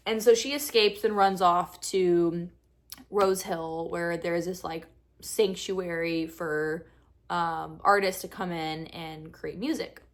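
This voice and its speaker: A woman's voice: lowish voice, fairly even intonation, takes it slowly. A young woman chatting casually about books she read, rambling and gushing with lots of fillers. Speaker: book vlogger. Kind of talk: chatty book review.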